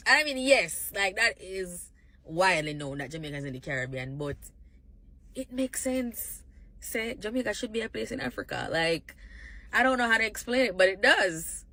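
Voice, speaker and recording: A woman's voice: medium pitch, big pitch swings, moderate pace, sharp tone, low-quality recording. A woman talking casually to camera, explaining a point in a chatty way.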